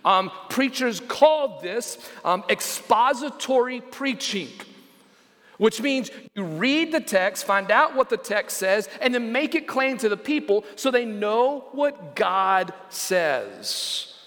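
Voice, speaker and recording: A man's voice: high-pitched, sing-song, slow, a bit bright, big-room sound. A man preaching a sermon as pastor, emphatic and repeating key phrases, reading scripture aloud.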